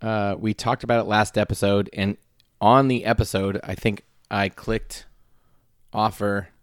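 A man with a fairly low voice, recorded dry and close, chatting on a gear podcast. He talks in a playful, animated way about his gear. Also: measured pace, dry recording. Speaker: podcast co-host. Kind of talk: casual chat.

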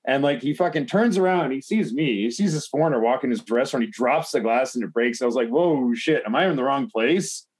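A man's voice: medium pitch, a little fast, few pauses, darkish tone, slightly rough. A man telling a long personal story in casual podcast chat, rambling with lots of fillers and swearing.

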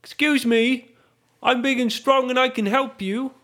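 A man's voice: very high voice, steady tone, a little slow, a bit bright. A man voicing a big, strong and friendly adventurer in a tabletop role-play, cheerful and eager to help.

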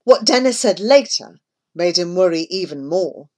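A woman reading a children's story aloud in a measured, expressive way. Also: lowish voice. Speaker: narrator.

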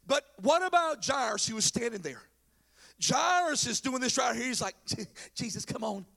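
A pastor delivers a sermon in an animated, storytelling way, slipping into casual slang voices for the people in the story. His voice sits very high for a man and has a gravelly edge. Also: moderate pace.

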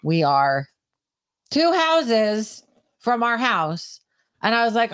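A woman co-hosting a podcast who tells stories in a loose, animated way and swears freely. She raises her voice when she acts out the scene. The recording is dry and close. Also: a little high, slow pace, long pauses, clean tone, dry recording. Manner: animated storytelling, heavy swearing, shouts when acting out scenes. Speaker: podcast co-host. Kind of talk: casual chat.

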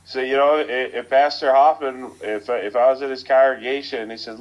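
A man's voice: medium pitch, brisk, few pauses, lo-fi sound. A man co-hosting a podcast, talking earnestly and plainly in casual chat.

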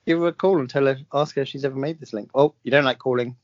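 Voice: medium pitch, rapid-fire, no echo. A podcast co-host in casual comedy banter, teasing and crude. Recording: dull muffled sound.

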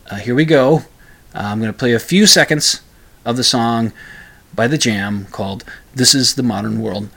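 A man hosts a solo podcast in a relaxed, conversational way. He hesitates a lot, trips over his words and starts sentences again, with a voice pitched in the middle of the usual male range. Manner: halting, with many restarts and repeated words. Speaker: podcast host. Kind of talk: casual solo podcast talk.

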